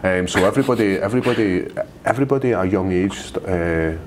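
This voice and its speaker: A man with a Scottish accent in casual podcast chat, telling stories quickly and acting out what people said. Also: deep voice, noisy background. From Scotland. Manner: rapid storytelling with acted-out quotes. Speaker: podcast guest, fighter.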